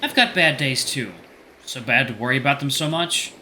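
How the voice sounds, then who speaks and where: Moody teen boy, curt and cold, bright tone, man reading. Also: medium pitch, animated, moderate pace, slight background noise. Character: moody teenage boy Seth, cold and withdrawn.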